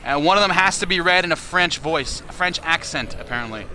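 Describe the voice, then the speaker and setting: A man's voice: fairly high pitch, animated, fairly quick, pushed and bright, slight background noise. A man chatting crudely on a live stream, profane and mocking as he reads messages and asks for donations. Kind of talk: casual live-stream chat.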